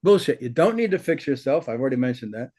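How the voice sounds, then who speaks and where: A man teaching in conversation, blunt and animated, laughing often and cursing casually, his voice swooping up high when he mimics others. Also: fast talker. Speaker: spiritual teacher.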